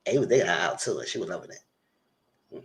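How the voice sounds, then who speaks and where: Animated man recapping a TV episode. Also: deep voice, very fast. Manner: animated, acts out characters' lines in quotes; chatty, addresses viewers directly. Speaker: TV show reviewer. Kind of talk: casual live TV recap.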